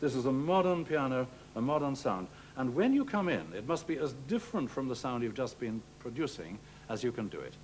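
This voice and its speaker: A man's voice: medium pitch, very animated, brisk, a little hiss or hum. A man teaching a clarinet masterclass, giving courteous, precise coaching. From England. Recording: old worn television transfer with music.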